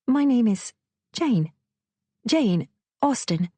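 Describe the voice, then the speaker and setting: A flustered young waitress, as an audiobook narrator puts her on, bluffing her way through in a put-on English accent. Her voice sits noticeably higher and brighter than the narrator's own, prim and overly polite. The recording is close and dry. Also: big pitch swings, takes it slowly, slightly rough, no echo, exaggerated voice. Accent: fake English accent. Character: young woman waitress, flustered but determined.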